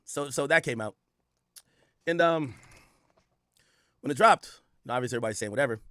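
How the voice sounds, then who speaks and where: A man's voice: medium pitch, fairly quick, sharp tone, no room sound, clean studio sound. A man hosting a reaction commentary, ranting with profanity and repeating his points for emphasis. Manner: repetitive, emphatic. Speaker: host.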